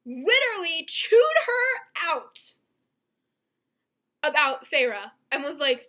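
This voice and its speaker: A young woman giving an excited, rambling book review to her viewers, gushing with many asides. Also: high voice, slow.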